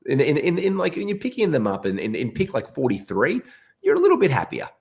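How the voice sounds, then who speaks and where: A man hosting a podcast, chatting casually about fantasy sports in an animated way, with quick asides and restarts. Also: a little high, creaky. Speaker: podcast host.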